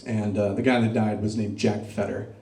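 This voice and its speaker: A middle-aged man performing a stand-up comedy set, doing crowd work and dropping deadpan dark punchlines on a club stage. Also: on the low side, moderate pace. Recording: roomy club sound, mic picked up from a distance.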